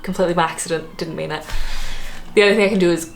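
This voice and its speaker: A woman's voice: fairly low pitch, steady tone, very fast, faint music behind. A young Australian woman vlogging to camera in a casual, self-mocking chat, her accent drifting toward British. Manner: chatty, self-mocking, laughs often, many fillers.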